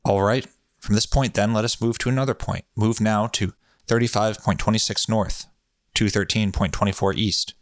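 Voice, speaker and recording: Man reading as a calm hypnotic session monitor, low voice, slow repeated directions, dry sound. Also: no room sound, close to an everyday voice. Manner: slow, measured, repetitive directions.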